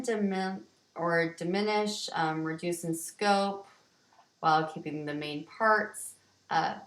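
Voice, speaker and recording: A woman teacher walking students through vocabulary words in a slow, explanatory way, with ums and restarts. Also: fairly low pitch, a bit bright. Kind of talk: vocabulary lesson walkthrough. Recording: roomy, distant from the mic.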